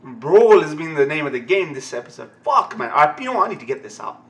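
A young man giving a live anime reaction, excitable and ranting, swearing constantly. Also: on the high side, quick pace. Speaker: anime reaction channel host.

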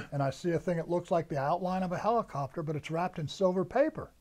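A man's voice: high voice, fairly quick, darkish tone. Older man telling war stories. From United States. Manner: storytelling, acts out the sergeants' orders. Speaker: veteran interviewee. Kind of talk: oral history recollection.

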